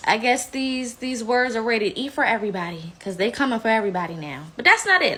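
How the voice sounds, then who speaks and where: A woman's voice: a little high, animated, fairly quick, pushed and bright, a little hiss or hum. A woman giving heated, blunt opinion commentary, indignant and outspoken. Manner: slips into mocking impressions.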